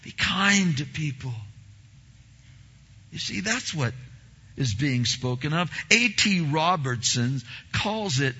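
A man preaching a sermon as a pastor, telling stories in an animated way and acting out the dialogue. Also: fairly high pitch, takes it slowly, long pauses, husky, lo-fi sound. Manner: animated storytelling, acts out dialogue, repeats words.

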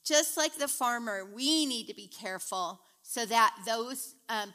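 A middle-aged woman teaching a women's Bible study in a chatty, animated way, retelling stories as she goes. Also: medium pitch. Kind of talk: casual devotional teaching.

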